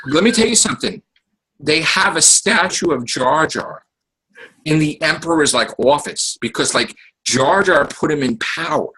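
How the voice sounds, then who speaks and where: A man co-hosting a casual fan podcast, talking in an animated way, swearing and acting out what people said. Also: fairly high pitch, moderate pace, husky, rough recording. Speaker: podcast co-host.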